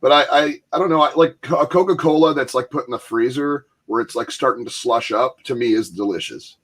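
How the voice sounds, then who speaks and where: A man's voice: mid-range voice, fairly quick, fairly bright tone. Laughing man in casual chat. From Michigan, US. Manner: rambling, laughing, acts out quoted voices. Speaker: podcast host.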